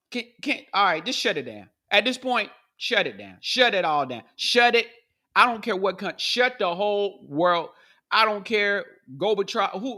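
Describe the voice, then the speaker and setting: A man hosting a podcast in a loose comedic monologue. He jumps from high yelps to low mutters and throws in goofy sound effects. His voice is bright and forceful, and his pitch swings widely. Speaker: podcast host.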